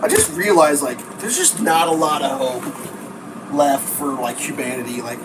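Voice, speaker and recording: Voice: medium pitch, lively intonation, unhurried, far from the mic. A live streamer ranting in a profane, sarcastic, exasperated way during a casual live stream. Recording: clear background noise.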